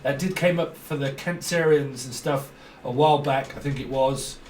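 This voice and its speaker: A man's voice: medium pitch, moderate pace, darkish tone, slight background noise. A man giving a rambling, jokey tarot reading and laughing often. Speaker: tarot reader. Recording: roomy echo from a distant mic.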